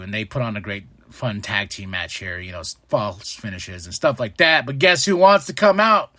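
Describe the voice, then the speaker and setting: A man's voice: mid-range voice, normal speed, few pauses, dry recording. A man hosting a podcast, recapping a wrestling show in casual chat and acting out what people said in different voices. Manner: animated, acts out quotes in different voices. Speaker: podcast host.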